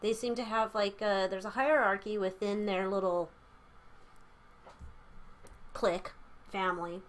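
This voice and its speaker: A woman's voice: mid-range voice, fairly even intonation, unhurried. Chatty, irreverent woman tarot reader. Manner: rambling, chatty and irreverent, with casual swearing. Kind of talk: casual tarot reading chat.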